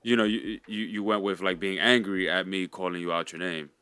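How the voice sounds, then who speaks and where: A man's voice: deep voice, steady tone, bright, forceful tone, clean tone. A man co-hosting a reflective conversation, speaking thoughtfully with frequent restarts. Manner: thoughtful, halting, many restarts. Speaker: co-host.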